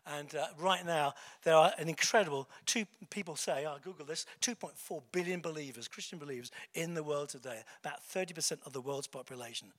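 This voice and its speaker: A man's voice: on the high side, brisk, hardly any pauses, fairly bright tone. A man giving a sermon in a conversational way, with fillers, self-corrections and chuckling asides. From England. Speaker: preacher.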